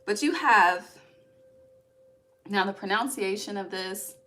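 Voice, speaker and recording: A woman's voice: medium pitch, lively intonation, slow pace, fairly bright tone. A young woman giving a casual spiritual card reading, often emotional and close to tears, swearing freely and checking in with "okay". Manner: emotional, swearing, fills with okay and all right. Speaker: tarot reader.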